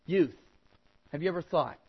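A man teaching a children's Bible lesson, emphatic and repetitive in how he admonishes, and animated when he acts out whiny kid replies. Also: fairly high pitch, normal speed, slightly rough, dull audio.

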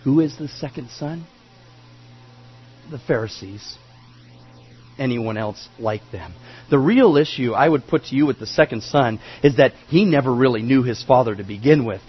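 A man preaching a sermon, telling the story with animated, dramatic delivery. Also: mid-range voice, slightly rough, muffled recording.

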